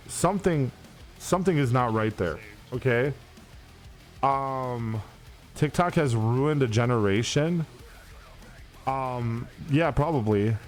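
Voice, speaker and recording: A young man hosting a stream, telling a long story in a rambling, profane way with lots of restarts. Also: medium pitch. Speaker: streamer host. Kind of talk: casual storytelling to stream chat. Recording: faint music behind.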